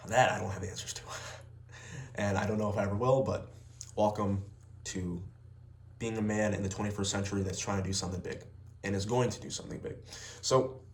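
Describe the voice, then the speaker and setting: Blunt, swearing young man, echoey room. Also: lowish voice. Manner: blunt, heavy swearing, emphatic. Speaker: vlogger, salesman. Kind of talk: unscripted personal rant to camera.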